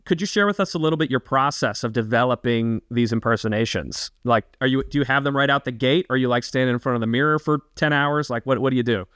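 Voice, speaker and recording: A man hosting a podcast interview, asking relaxed questions and affirming his guest. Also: mid-range voice, fast talker, hardly any pauses, clean tone, no room sound, clean studio sound. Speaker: podcast host.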